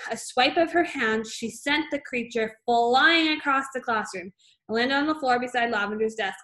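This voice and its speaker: A woman reads a children's chapter book aloud in a slightly higher voice. The reading is homemade and unpolished, with small stumbles and the odd filler between phrases. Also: fairly bright tone. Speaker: reader.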